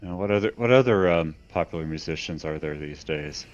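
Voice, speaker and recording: A man's voice: low voice, fairly quick, muffled recording, faint music behind. A man co-hosting a casual livestream show, with dry jokes. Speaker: podcast co-host.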